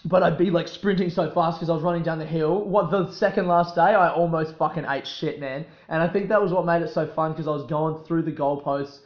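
A man's voice: a little high, a little fast, hardly any pauses, roomy sound, muffled recording. A young Australian man hosting a podcast, chatting casually in a rambling, swearing, self-mocking way that keeps getting sidetracked. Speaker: podcast host. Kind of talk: casual solo podcast chat.

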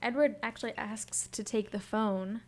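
A woman's voice: fairly high pitch, normal speed. A woman co-hosting a casual book chat, laughing often and reading passages aloud. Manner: giggly, animated, reads passages aloud. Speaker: co-host of a book discussion.

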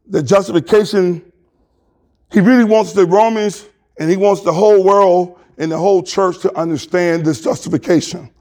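A man in his sixties with a Southern US accent preaches with a fairly high voice. He jokes and calls out to the congregation, mixing scripture with folksy asides. His delivery swings between slow, weighty lines and quick banter. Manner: animated, jokey, talks to congregation. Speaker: pastor. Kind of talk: sermon.

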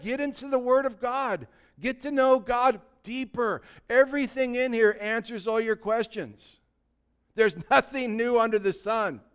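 A man pastor giving a sermon, exhorting his listeners with humorous asides and swinging between quiet asides and loud, fervent passages. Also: sits high, clear, resonant tone.

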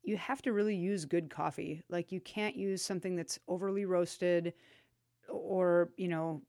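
Chatty low-voiced woman sommelier. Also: measured pace, no room sound, clean studio sound. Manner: chatty and animated, with frequent laughs and loose asides. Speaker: sommelier and podcast co-host. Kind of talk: casual chat.

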